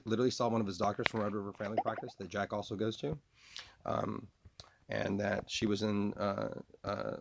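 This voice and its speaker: A man with a lowish, gravelly voice delivers a rambling solo monologue to camera. He keeps asking rhetorical questions, breaking off, restarting and filling gaps with "uh". A faint hiss sits under the recording. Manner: repeated rhetorical questions with halting fillers and restarts. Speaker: video blogger.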